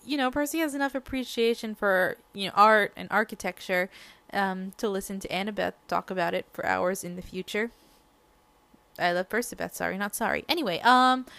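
A woman's voice: mid-range voice, a bit bright, no room sound. A young adult woman hosting a casual book podcast, rambling and chatty with giggly side remarks. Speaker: podcast host.

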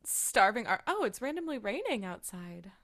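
Young woman, podcast co-host, giggly, animated, casual chat. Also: mid-range voice, normal speed.

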